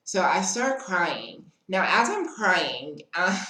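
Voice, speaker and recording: Female storytime vlogger, low-ish voice, slow and dramatic, echoey room. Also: sing-song, pushed and bright. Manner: chatty and dramatic, often calls the listener "girl". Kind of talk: casual storytime chat.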